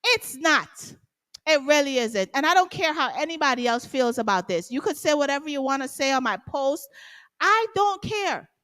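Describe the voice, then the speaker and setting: A woman's voice: high-pitched, fast talker, hardly any pauses, fairly bright tone. A woman from Guyana, speaking passionately as an interview guest and punctuating points with rhetorical checks. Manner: emphatic, passionate, rhetorical tags like "right?". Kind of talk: casual interview talk.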